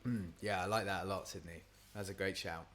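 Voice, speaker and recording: A man's voice: low-pitched, fairly even intonation, brisk, a bit bright, a little hiss or hum. A man, chatting casually and rambling on a livestream for his supporters as a singer-songwriter. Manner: rambling, chatty, lots of fillers.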